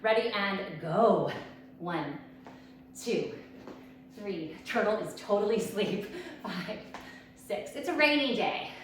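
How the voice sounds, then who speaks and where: A woman's voice: medium pitch, animated, takes it slowly, slight background noise. A woman fitness instructor leading a workout, upbeat and out of breath as she counts reps and coaches. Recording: echoey room, distant mic.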